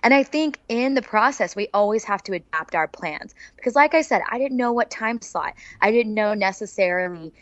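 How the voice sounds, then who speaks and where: Lively Oklahoma woman telling her story. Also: mid-range voice, moderate pace, hardly any pauses, no echo. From Oklahoma, USA. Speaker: interview guest, TV personality. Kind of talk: storytelling in an interview. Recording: dull, dry lo-fi sound.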